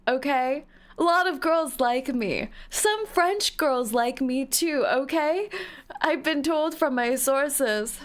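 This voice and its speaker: A woman's voice: sits high, lively intonation, takes it slowly. Playful giggly woman streamer. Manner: playful, giggly, teasing, reading chat aloud. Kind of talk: casual live-stream chat while playing a game.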